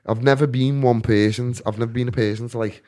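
A man's voice: mid-range voice, fairly even intonation, quick pace, darkish tone. A man telling rambling, self-mocking stories in a casual podcast chat, often restarting his sentences.

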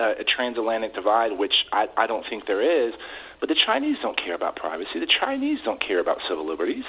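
A man's voice: medium pitch, fairly bright tone, slightly rough. A congressman giving earnest interview answers by phone, often repeating words as he starts his sentences. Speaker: congressman guest. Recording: tinny phone line.

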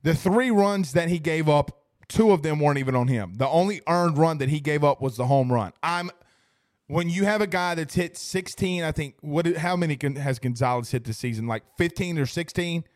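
Hosting a casual sports talk livestream from a studio, a man reads out chat comments and rambles emphatically, repeating phrases. His voice sits on the high side with a darkish tone at a moderate pace. The sound is studio quality with no echo.

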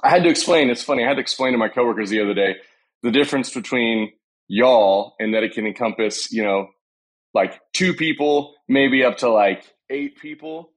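Texan man, podcast guest, chatty and relaxed, mid-pitch. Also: moderate pace, poor audio. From Texas. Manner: chatty, storytelling, with restarts. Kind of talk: casual chat.

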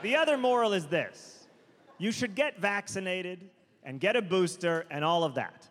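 Male stand-up, high lively voice, long theater reverb. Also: moderate pace. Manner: animated storytelling with acted voices. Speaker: stand-up comedian. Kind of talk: stand-up comedy. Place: large theater stage. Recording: big theater hall with faint crowd noise. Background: audience laughter.

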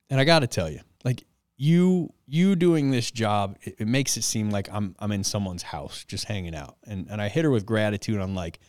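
A man casually telling an animated, self-mocking story and laughing along the way. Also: on the low side, no echo, studio quality.

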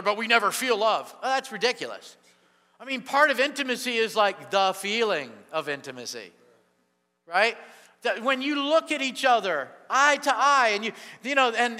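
A man's voice: high-pitched, sharp tone. A man preaching a sermon as pastor, fervent and calling out to the congregation. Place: church sanctuary. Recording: long church-hall reverb.

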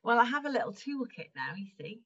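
A woman's voice: fairly high pitch, sing-song, fast talker, fairly bright tone, dull audio. Middle-aged woman, laughing guest. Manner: laughs often while talking. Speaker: guest, improv performer. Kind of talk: casual conversational interview.

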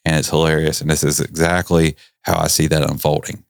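A man's voice: a bass voice, little pitch movement, brisk, vocal fry, no echo, studio quality. A man, hosting a podcast and telling stories in a folksy, jokey manner. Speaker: podcast host. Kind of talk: casual storytelling chat.

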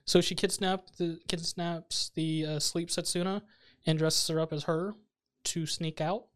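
A man's voice: a little high, fairly even intonation, unhurried, a bit bright, smooth. A man co-hosting a podcast in casual chat, chiming in with brief, wry remarks. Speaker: podcast co-host.

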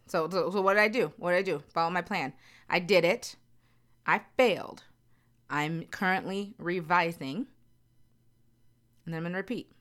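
Low-voiced woman talking candidly to viewers. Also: moderate pace, long pauses, a bit bright. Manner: earnest, emphatic, repeats phrases for emphasis. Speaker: vlogger. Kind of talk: candid personal talk to viewers.

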